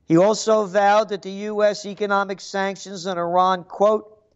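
A man's voice: sits high, little pitch movement, normal speed, clean tone, highs cut off. An older man hosting a call-in radio show, rambling and sarcastic, often repeating words. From the Bronx, New York. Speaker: radio talk show host.

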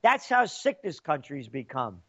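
A scornful man delivers a mocking political rant in a high-pitched voice. His tone swings widely as he jeers. The recording sounds muffled and lo-fi. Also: very animated, unhurried, sharp tone. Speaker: political commentator. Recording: dull lo-fi recording.

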